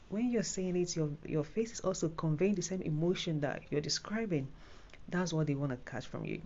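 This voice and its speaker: Nigerian woman with a low, mellow voice. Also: normal speed, dull audio, a little hiss or hum. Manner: chatty, rambling, with many restarts and fillers. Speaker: IELTS tutor. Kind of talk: casual spoken tutorial.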